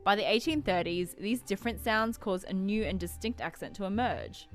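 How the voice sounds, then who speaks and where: A woman's voice: medium pitch, expressive, faint music behind. Woman narrating a news feature. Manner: measured, explanatory. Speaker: news reporter.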